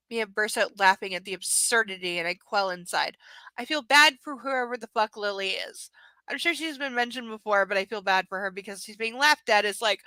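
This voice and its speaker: A woman's voice: mid-range voice, brisk, sharp tone, no room sound, rough recording. A woman reading a romance novel aloud live, breaking off for sarcastic, swearing jokes about the text. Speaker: reader of a novel.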